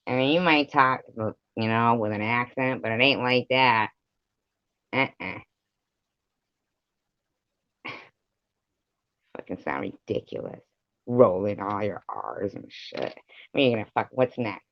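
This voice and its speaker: A man's voice: medium pitch, measured pace, long pauses, no room sound. Profane rambling man on a dull stream. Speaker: live streamer. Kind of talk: ranting live stream chat. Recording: dull lo-fi live stream audio.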